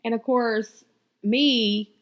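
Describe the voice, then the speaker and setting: A woman's voice: a little high, steady tone, very slow. A young woman, hosting a podcast and telling a personal story in a blunt, profane, candid way. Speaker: podcast host.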